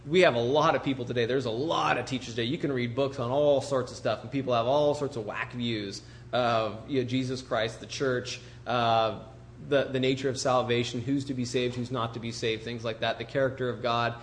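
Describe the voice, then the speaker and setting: A pastor with a medium-pitched, steady voice preaches a little fast over slight background noise. His sermon is conversational, and he often poses rhetorical questions to his listeners.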